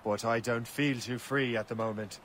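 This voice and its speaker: A man plays a young trainee assassin in a video game cutscene. He has a mid-pitched voice and talks back in a dry, wry way. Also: fairly even intonation, normal speed, noisy background, natural voice.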